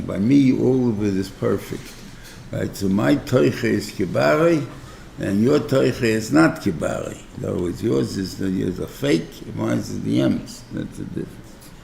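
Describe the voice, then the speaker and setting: A New rabbi giving an informal class, talking conversationally, often checking in with "right?" and using everyday examples. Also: male voice, on the low side, unhurried, gravelly, dark tone, echoey room, slight background noise. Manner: explains through everyday examples. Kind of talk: informal Torah class lecture.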